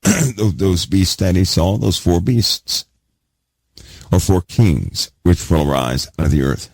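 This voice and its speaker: A man's voice: deep voice, very animated, slow pace, creaky, a little mellow, breathy edge, no room sound. A man teaching a Bible sermon emphatically, repeating key words and putting questions to his listeners. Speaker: preacher.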